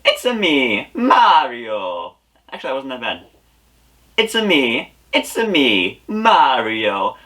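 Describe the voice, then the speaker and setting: A man voicing a cheerful, manic game plumber hero in a strained, squeaky falsetto put-on voice. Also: wildly swooping pitch, slow pace, pushed and bright, exaggerated voice.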